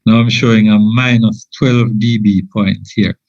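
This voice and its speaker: A man giving an informal engineering lecture, halting often with fillers and restarts. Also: fairly low pitch, steady tone, a little mellow, dry recording. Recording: dull lo-fi dry audio.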